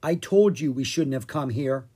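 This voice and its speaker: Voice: medium pitch, expressive, normal speed, dark tone, breathy edge. A reader voicing a jumpy, complaining young male dragon in a children's storybook, squealing when scared. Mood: whiny.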